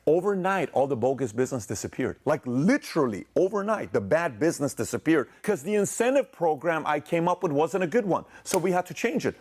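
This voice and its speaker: A man giving a motivational speech, telling a story and acting out its dialogue, swinging from loud to soft. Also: fairly high pitch, sing-song, brisk, few pauses. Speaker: speaker in a played clip.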